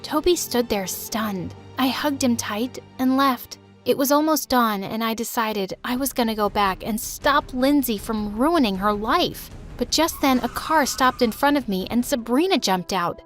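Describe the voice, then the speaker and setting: A young woman narrating a dramatic animated story in the first person, with emotive delivery. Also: a little high, a little slow, few pauses, soft background music.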